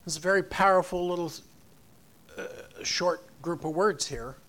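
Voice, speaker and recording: Animated high-voiced male preacher. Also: moderate pace. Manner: animated, acts out voices of the people and God. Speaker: pastor. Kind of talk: sermon.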